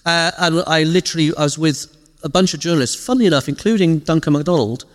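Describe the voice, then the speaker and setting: A man as an interview guest, casually telling animated stories and acting out quoted lines. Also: on the high side, fast, long reverb tail. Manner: lively storyteller, animated quoted asides. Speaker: interview guest, former games PR director. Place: live event stage.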